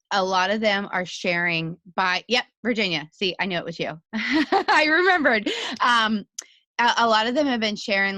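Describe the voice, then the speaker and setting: Woman co-host, bright voice, dry close sound, rambling casual encouragement on a video call. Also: on the low side, dry recording. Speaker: team leader co-hosting a motivational call. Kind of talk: casual motivational chat.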